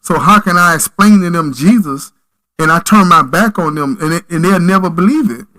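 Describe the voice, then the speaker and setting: A man with a bright, forceful, fairly high voice speaks as a podcast guest. He tells stories earnestly, with a preacher's emphasis. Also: animated, moderate pace, low-quality recording. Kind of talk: storytelling in conversation.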